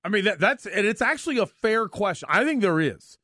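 Sports radio man, high lively voice, sarcastic and opinionated, dry studio. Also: brisk, no room sound.

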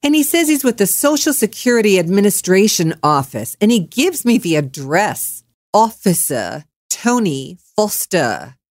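A woman's voice: mid-range voice, lively intonation, moderate pace, few pauses, no echo, clean studio sound. A woman radio host, ranting heatedly and profanely at a scammer on the air. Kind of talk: angry on-air rant.

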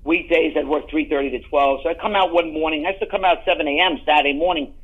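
A middle-aged man, an actor, telling rambling, animated anecdotes in a casual interview, often restarting his sentences. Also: a little high, fast, husky, narrow, tinny audio. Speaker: guest, actor.

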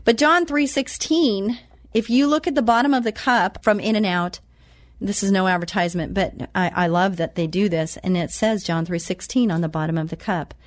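A woman's voice: medium pitch, normal speed, no room sound, studio quality. A woman hosting an inspirational Christian talk show, speaking earnestly with emphatic repetition and chatty asides.

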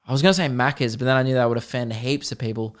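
A man's voice: mid-range voice, steady tone, racing. Sweary man ranting on a podcast. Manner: rambling and sweary, self-deprecating. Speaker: podcast host. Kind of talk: solo comedy podcast rant.

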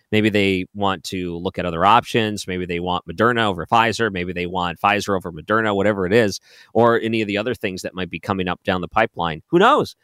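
Chatty low-voiced male radio host. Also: a bit bright, smooth, no room sound, studio quality. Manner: chatty, joking asides. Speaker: radio talk show host. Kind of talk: casual talk radio. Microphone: studio microphone.

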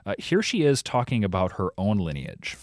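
A man's voice: on the low side, big pitch swings, moderate pace, no echo, clean studio sound. A man from Vermont, a reporter and podcast host, explaining carefully in a radio interview with some fillers.

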